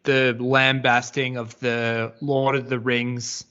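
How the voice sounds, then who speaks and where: A man's voice: medium pitch, level tone, slow, sharp tone, clear, resonant tone. A man co-hosting a podcast in casual chat, rambling and hedging, swearing now and then. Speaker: podcast co-host. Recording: slightly dull audio.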